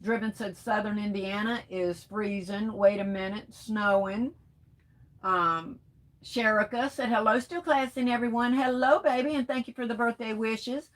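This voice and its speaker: A woman's voice: on the high side, moderate pace, poor audio. This is a woman hosting a laid-back live stream, working her way through viewer comments one by one. She reads each one aloud and answers with easy pet names like sweetheart. Her talk is loose and chatty, with plenty of casual fillers. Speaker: livestream host reading viewer comments.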